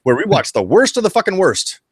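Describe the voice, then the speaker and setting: Excitable, foul-mouthed male gaming host. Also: sits high, brisk, husky, no echo, studio quality. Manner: excitable, profane, animated. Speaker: co-host of a retro gaming show. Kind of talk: casual live discussion.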